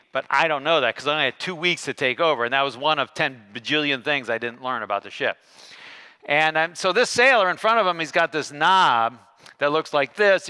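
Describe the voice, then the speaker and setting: A man giving a keynote talk on a conference stage, telling a story and acting out the dialogue with lively shifts in tone. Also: a little high, clear, resonant tone. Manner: animated, acts out dialogue with shifting tones. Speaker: keynote speaker.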